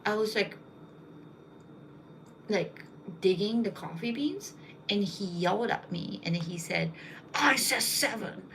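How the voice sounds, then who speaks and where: A woman's voice: medium pitch, slow pace, vocal fry, long pauses, slight background noise, rough recording. A young woman casually telling rambling anecdotes, with lots of fillers. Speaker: storyteller.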